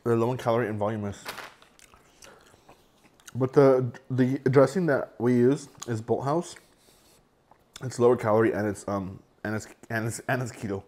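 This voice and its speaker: A man's voice: mid-range voice, moderate pace, long pauses, a little mellow. A man in his thirties talking casually to camera as a food vlogger, rambling with repeated words and fillers. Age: 30s. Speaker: mukbang vlogger.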